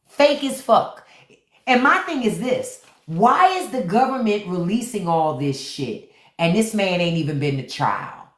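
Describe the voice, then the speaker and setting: A woman's voice: medium pitch, sing-song, a little slow, a bit bright, echoey room. Blunt, profane woman livestream host. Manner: blunt, profane, talks straight to viewers; repeats key words for emphasis. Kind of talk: unfiltered livestream commentary.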